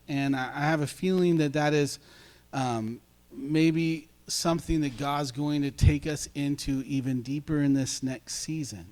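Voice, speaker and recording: A man's voice: fairly high pitch, darkish tone. A man preaching a casual sermon as pastor, chatty and self-deprecating, bantering with his congregation.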